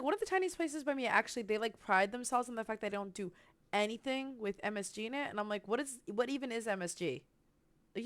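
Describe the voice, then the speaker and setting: A woman's voice: mid-range voice, no echo. A woman streamer talks over a video in loose, rambling chat, stacking fillers and laughing easily. Her voice sits mid-range for a woman. The sound is dry and close, with no room around it. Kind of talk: casual reaction chat.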